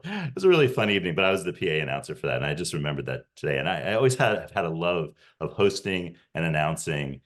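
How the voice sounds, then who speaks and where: A man in his forties, a podcast host, talking to a reunion audience over a video call with lots of "uh" and restarts. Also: very deep voice. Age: 40s. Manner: hesitant, many fillers and restarts. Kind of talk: casual talk to a reunion audience.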